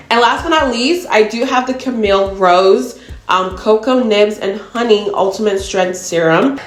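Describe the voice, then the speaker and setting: A woman's voice: mid-range voice, reverberant. A woman beauty vlogger chatting casually to her viewers, calling them y'all. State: tearful, emotional. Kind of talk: casual chat to camera.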